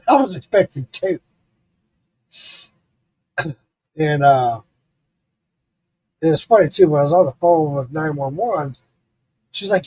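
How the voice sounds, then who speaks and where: Profane, animated man telling a story. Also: fairly high pitch, slow, pauses often, husky. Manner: profane, laughing, animated retelling. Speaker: live stream host. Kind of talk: casual storytelling.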